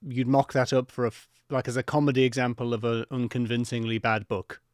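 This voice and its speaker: A man co-hosting a podcast, trading wry, quick-witted asides in casual comic banter. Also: mid-range voice, flat delivery, clear, resonant tone, no room sound, clean studio sound. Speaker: podcast co-host.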